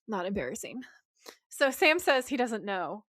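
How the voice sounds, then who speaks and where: A woman co-hosts a podcast in a relaxed, chatty way, walking through an episode and reading out the characters' dialogue. Her voice sits in the middle of the female range. The sound is close and dry, with no room echo. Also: medium pitch, moderate pace. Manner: retells scenes while quoting the characters' lines. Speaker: podcast co-host. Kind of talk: casual episode recap chat.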